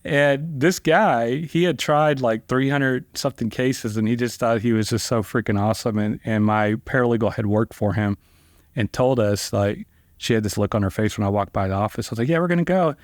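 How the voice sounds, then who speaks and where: A middle-aged man, a trial attorney guest, telling stories in a loose, conversational way and acting out the dialogue with big pitch jumps. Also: normal speed, dry recording, studio quality. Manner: lively storyteller who acts out quoted dialogue with sharp pitch jumps; loose, conversational phrasing with fillers like "like" and "you know". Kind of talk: casual anecdotal storytelling.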